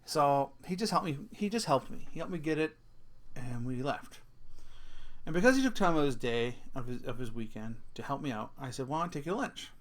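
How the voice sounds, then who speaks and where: A man's voice: mid-range voice, lively intonation, normal speed. A middle-aged man vlogging a casual rant, telling a story with swearing and laughing at himself.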